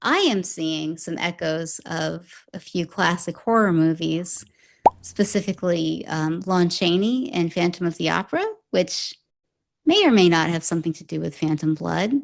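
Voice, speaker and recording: A woman's voice: on the low side, normal speed, vocal fry. A woman co-hosting a podcast, casually recapping an anime episode and acting out the characters' lines as she goes. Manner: animated storyteller, acts out quotes.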